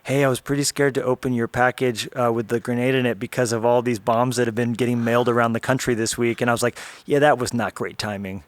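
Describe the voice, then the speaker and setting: A man's voice: mid-range voice, steady tone, fast, hardly any pauses, no room sound. A man hosting an interview show, upbeat and self-deprecating in casual conversation. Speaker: podcast host.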